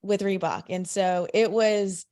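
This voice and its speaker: A man in a casual podcast chat, speaking softly with trailing fillers. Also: high voice, fairly even intonation, a little slow, no room sound, clean studio sound. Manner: soft, trailing, filler-heavy. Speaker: podcast guest.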